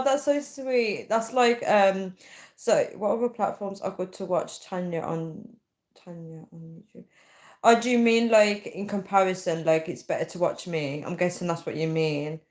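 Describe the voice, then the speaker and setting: A young woman hosting a casual live stream, reading viewer comments aloud and thinking out loud with many fillers. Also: lowish voice, moderate pace. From United Kingdom. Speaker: livestream host.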